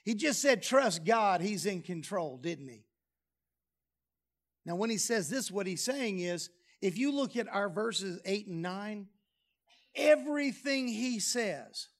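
A man preaching a sermon, lively and humorous, dropping low and soft on key phrases. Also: takes it slowly. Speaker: pastor. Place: church sanctuary.

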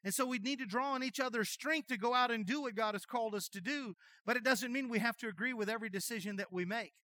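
A middle-aged man preaching a sermon as pastor, telling folksy jokey stories in an animated way. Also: extremely high pitch, fast, no room sound.

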